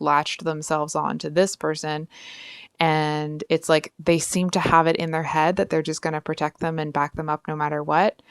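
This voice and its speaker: A woman's voice: deep voice, clean tone, dry recording, clean studio sound. A woman giving a casual, frank tarot reading straight to her viewers, chatty and full of asides. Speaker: tarot reader.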